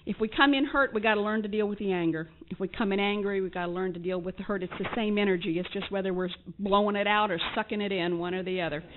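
A woman gives a candid personal testimony at a support group meeting, mixing wry humor into her story and acting out old conversations. Her voice sits at an ordinary middle pitch. The audio is narrow and phone-like, with a faint hiss underneath. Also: fairly even intonation, fast talker, hardly any pauses. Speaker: speaker sharing at a recovery group meeting.

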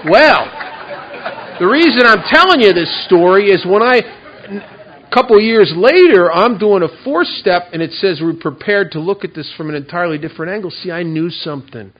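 A man with a fairly high voice tells a confessional recovery story to a meeting. He is candid and self-mocking. The recording is dull and lo-fi. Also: animated, normal speed, a faint crowd. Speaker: recovery speaker.

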